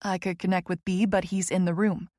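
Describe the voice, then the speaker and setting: A woman's voice: lowish voice, little pitch movement, fairly quick, dark tone, dry recording, studio quality. Wry woman narrating an audiobook. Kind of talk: scripted first-person romance narration.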